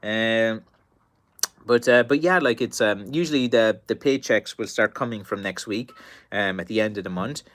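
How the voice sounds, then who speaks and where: A man's voice: lowish voice, moderate pace, fairly bright tone. An Irish man chatting casually on a live stream and answering viewers, rambling with many fillers and restarts, his voice worn and tired with a cough. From Ireland. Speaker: stick maker answering live chat.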